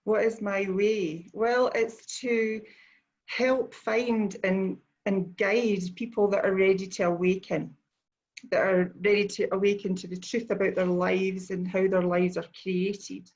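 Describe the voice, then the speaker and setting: A Scottish woman, a guest energy healer, calmly explaining her ideas in a measured way with frequent ums. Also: medium pitch, lo-fi sound. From Scotland. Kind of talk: conversational explanation.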